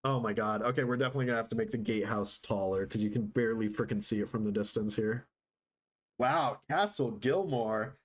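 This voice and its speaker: Husky-voiced male game streamer. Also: fairly low pitch, steady tone, rapid-fire, hardly any pauses. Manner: chatty, talks to chat while building. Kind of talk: casual live-stream gameplay commentary.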